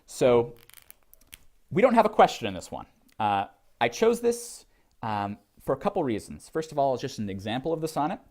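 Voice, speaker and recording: A man teaches a college literature class in an ordinary mid-pitched voice. He talks loosely and digressively, trailing off and restarting, full of ums and uhs. He pauses to read poems aloud to the room. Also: big pitch swings, a little mellow. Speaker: literature lecturer. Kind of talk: college lecture with poetry reading.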